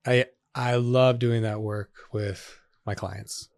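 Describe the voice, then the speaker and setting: A man, a psychotherapist, guiding a slow, soft meditation and then talking casually about his work with clients. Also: medium pitch, fairly even intonation, no echo. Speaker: psychotherapist guest.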